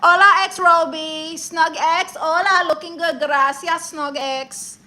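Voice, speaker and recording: A woman's voice: very high voice, steady tone, slow, bright, forceful tone. A woman with a Spanish accent hosting a live stream, reading viewers' comments aloud and teasing them with sass. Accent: Spanish-accented English. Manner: sassy, reads chat aloud and teases viewers. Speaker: livestream host. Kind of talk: live stream chat, comedic.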